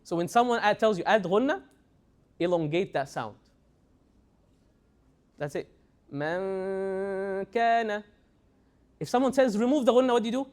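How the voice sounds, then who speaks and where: High-voiced man teaching tajweed. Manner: animated, repeats words, restarts often; chants Quranic phrases slowly as examples. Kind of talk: classroom lecture.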